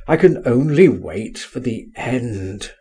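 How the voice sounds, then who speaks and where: Guy putting on a scared despairing fella, pitch jumps up, husky, pleading. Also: animated, slow pace, dark tone, exaggerated voice. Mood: anguished. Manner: despairing, groaning, higher pitched. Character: anguished fearful man, trapped, pleading.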